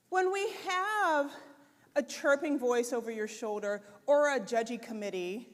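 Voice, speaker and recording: A woman giving a conference keynote, talking in a conversational, expressive way with lots of "right?" and "like". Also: fairly high pitch, measured pace. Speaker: conference speaker. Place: conference hall. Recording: long hall reverb.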